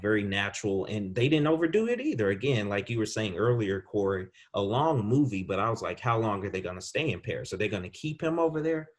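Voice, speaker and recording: A man co-hosting a podcast, giving a casual, rambling movie review with frequent restarts. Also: lowish voice. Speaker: podcast co-host.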